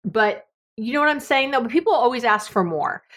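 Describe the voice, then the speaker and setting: Brief: middle-aged woman, solo podcast host, lively and talkative, swoops high when she gets emphatic. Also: normal speed. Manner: chatty, animated, laughs often, acts out quoted voices. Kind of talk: solo podcast advice talk.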